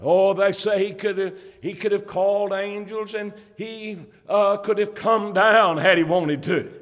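Preacher, male, high pitch, fervent sermon delivery, church hall reverb. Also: steady tone, unhurried, fairly bright tone. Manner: fervent preaching with rising emphasis; Bible quotations in old King James wording.

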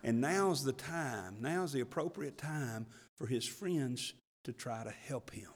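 A man's voice: mid-range voice, big-room sound. A man, preaching a sermon as pastor in a folksy manner, laughing often and stumbling over repeated words.

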